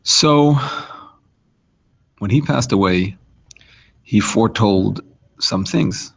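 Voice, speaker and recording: A man's voice: lowish voice, slow pace, creaky, rough recording. A man giving an informal Torah lesson, talking it through conversationally with asides and restarts. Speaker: rabbi teaching a class.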